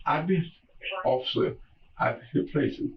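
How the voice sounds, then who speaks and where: An older man giving a slow, repetitive and emotional statement in a police interrogation, heard through muffled recording. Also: fairly high pitch. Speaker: murder suspect in interrogation. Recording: muffled, distant interrogation room audio.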